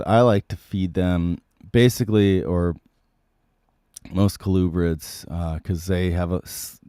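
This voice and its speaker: A man with a sick voice hosting a casual livestream, answering viewer comments with many ums and frequent throat clearing. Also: low voice, warm tone, no room sound, studio quality.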